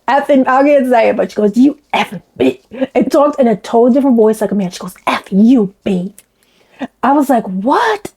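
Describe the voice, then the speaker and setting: Over a rough recording, a woman with a mellow, medium-pitched voice talks to her audience as a commentary vlogger. It's a casual, chatty, gossipy chat, and she addresses everyone as "you guys."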